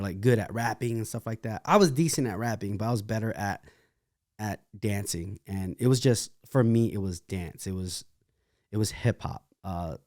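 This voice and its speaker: A young man from California talks through his past in a relaxed interview, animated and quick to laugh at himself. His voice sits a little low, recorded dry and close with no room sound. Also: no room sound. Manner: animated storyteller with laughing asides and restarts. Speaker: interview guest, dancer. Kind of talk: casual interview storytelling.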